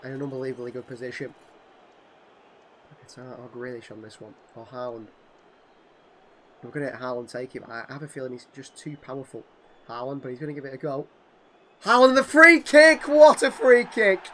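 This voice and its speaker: Commentating a football video game for his channel, a hoarse-voiced man speaks at a medium pitch and a fairly quick pace, leaving long pauses. Calm narration of the play turns into excited shouting at each goal.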